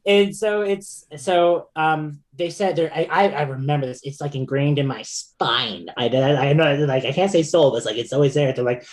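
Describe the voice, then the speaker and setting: A man's voice: a little high, moderate pace, few pauses. A man talking as a podcast guest in casual chat, stopping and restarting often and laughing between stories.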